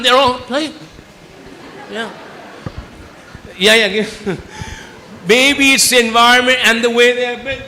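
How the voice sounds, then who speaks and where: A man's voice: very high-pitched, fairly even intonation, measured pace, pauses often, sharp tone, a little hiss or hum. A man giving a motivational speech to students at a school event, often quizzing the audience with questions. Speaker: chief guest speaker. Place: school auditorium. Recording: echoey hall, faint ambience.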